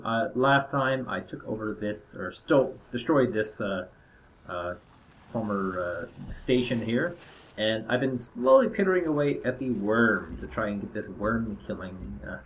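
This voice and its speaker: A young man rambles hesitantly over his own strategy game playthrough, filling the gaps with lots of fillers in casual let's-play commentary. His voice is fairly low with a fairly bright tone, and there's a little hiss or hum.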